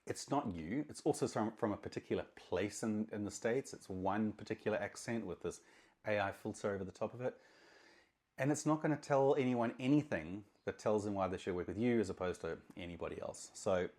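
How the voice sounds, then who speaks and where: Low-voiced man lecturing casually to camera. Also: darkish tone. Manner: emphatic, conversational, with repeated words. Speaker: marketing consultant, podcast host.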